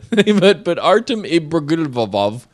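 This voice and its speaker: Animated, laughing male stream co-host. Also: fairly high pitch, slow. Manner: laughs often while reading, animated. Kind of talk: casual chat and news reading on a stream show.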